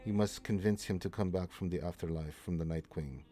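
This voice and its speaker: A man's voice: low voice, fairly quick, soft background music, natural voice. A man voicing an older woman, a fussy, motherly aunt who is flustered one moment and soothing the next, in a tabletop game. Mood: solemn. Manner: flustered, then soft and soothing.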